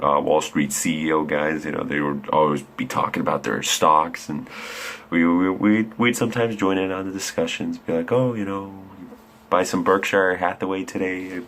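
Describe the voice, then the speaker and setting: A man's voice: low-pitched, fairly bright tone, slight background noise. A young man in his late teens telling a rambling, profane story in a laid-back way. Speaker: vlogger. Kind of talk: casual storytelling.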